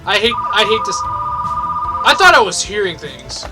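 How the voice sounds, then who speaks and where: Young male gamer host, ranting and cursing for laughs, high bright voice, game music faint underneath. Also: very animated, moderate pace. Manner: ranting, sweary, mock-angry. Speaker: gaming video host. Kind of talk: let's play commentary.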